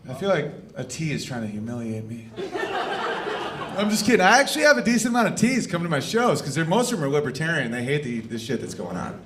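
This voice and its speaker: Male stand-up comic, brash and loud, slightly raised pitch, live club stage mic. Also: very animated, fast, background noise. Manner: brash, loud bursts into shouting for bits. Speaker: stand-up comedian. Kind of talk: stand-up comedy set.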